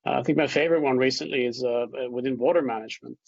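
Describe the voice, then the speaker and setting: A man's voice: mid-range voice, racing, vocal fry, breathy edge, highs cut off. A man speaking on an online panel, fairly fluent with a few restarts, over a video call.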